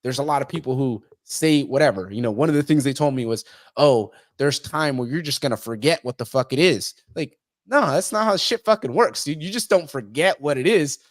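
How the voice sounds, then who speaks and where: A man's voice: mid-range voice, expressive, a little fast, dry recording, studio quality. A man talking bluntly on a podcast, swearing a lot and acting out the people he quotes. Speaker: podcast guest. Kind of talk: casual podcast conversation.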